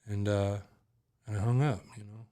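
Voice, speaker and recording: A man's voice: lowish voice, steady tone, normal speed, mellow. A man, a podcast guest, telling a candid personal story in a rambling, casual way full of fillers.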